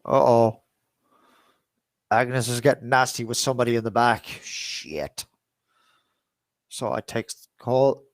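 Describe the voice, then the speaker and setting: A man's voice: medium pitch, flat delivery, normal speed, pauses often, no room sound. A man hosting a livestream, telling a rambling story to his viewers with plenty of swearing. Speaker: livestream host and DJ.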